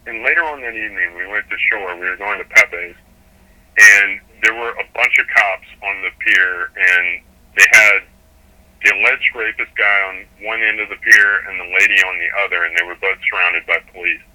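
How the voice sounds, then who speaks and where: A man with a very bright, forceful voice sits for an interview and tells his sailing story in a lively, rambling manner. He pitches a bit low and restarts his sentences often as he goes. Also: normal speed, poor audio. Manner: animated storyteller with many restarts. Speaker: sailor guest.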